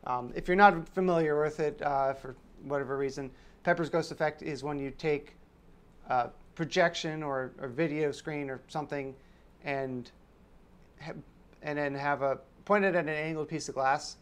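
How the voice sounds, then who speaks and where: Smooth-voiced man chatting casually. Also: fairly high pitch, fairly even intonation, moderate pace. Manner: rambling, explanatory, many fillers and restarts. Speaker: podcast host. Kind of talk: casual review chat.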